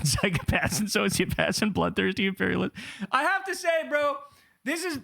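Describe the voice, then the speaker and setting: A man in his thirties streaming, reading an article aloud and reacting with profane, animated swagger. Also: fairly high pitch. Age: 30s.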